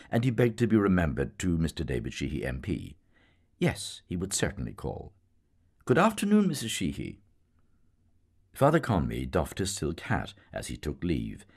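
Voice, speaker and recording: A man narrating a literary novel in a measured, wry, expressive way. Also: rumbling low, husky.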